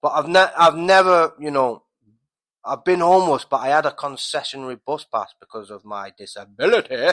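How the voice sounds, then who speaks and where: In a low-quality recording made at home beside a street-facing window, a man with a slightly high, brisk, somewhat bright voice tells a rambling story as a podcast host. It's a casual monologue, full of swearing, restarts and fillers.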